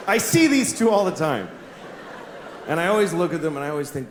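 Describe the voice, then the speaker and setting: A middle-aged man doing a stand-up routine, telling stories in an animated, exasperated way with plenty of cursing. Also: sits high, fast talker, roomy sound, some chatter behind, a little hiss or hum. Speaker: stand-up comedian.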